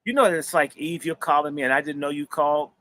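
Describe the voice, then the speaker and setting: A man's voice: fairly high pitch, fast talker, fairly bright tone. A man hosting a livestream, talking in a rambling, profane, sermon-like way. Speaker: host and minister. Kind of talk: preacherly livestream talk.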